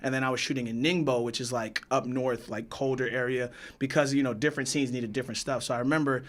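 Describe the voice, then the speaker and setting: Guy on a podcast rattling off stories quick, bright upbeat voice, laughs a lot. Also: medium pitch. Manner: animated, laughs often while telling stories. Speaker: podcast guest, actor. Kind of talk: casual storytelling chat.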